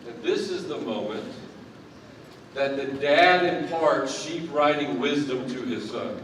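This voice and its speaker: A man's voice: medium pitch, takes it slowly, fairly bright tone, slight background noise. A man in his thirties giving a commencement speech as keynote speaker, full of humorous, self-deprecating storytelling. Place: large indoor university arena. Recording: echoey arena, picked up from a distance.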